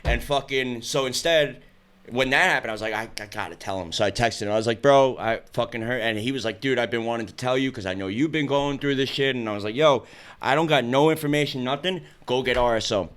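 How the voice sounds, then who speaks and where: A young man speaking quickly in a casual interview. His pitch sits in the middle range. He tells rapid, profane stories and acts out what people said. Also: fairly bright tone, clear, resonant tone. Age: young adult. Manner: fast, profane storytelling with lots of acted quotes. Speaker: guest.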